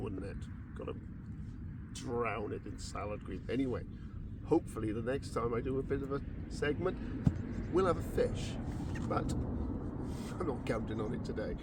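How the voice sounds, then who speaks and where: A man vlogging outdoors at a lake, rambling casually between jokes and fishing talk. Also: mid-range voice. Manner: rambling, joke-telling, chatty. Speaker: angling vlogger. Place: lakeside, outdoors. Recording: outdoor recording with clear background noise.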